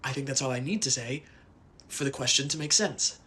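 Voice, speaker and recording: A man asks an earnest question in a casual vlog, hesitant and pausing. His pitch sits in the middle range. Faint noise is heard behind him. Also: sharp tone.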